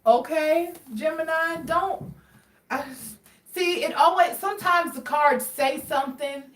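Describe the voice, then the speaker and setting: A woman with a fairly high voice gives a casual tarot reading, chatty and expressive as she talks straight to her viewers. She sits a little away from the mic, and the room around her sounds roomy and echoey. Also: unhurried, far from the mic. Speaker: tarot card reader.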